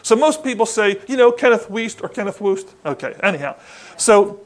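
High-voiced conversational male preacher. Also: normal speed. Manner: conversational, asks the congregation questions, lively rises in pitch. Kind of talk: sermon.

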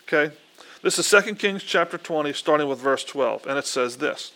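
A man's voice: fairly high pitch, expressive, normal speed, bright, forceful tone. A man reading Bible verses aloud and then preaching in an earnest, conversational way, often restarting his sentences. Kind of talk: Bible reading and informal sermon.

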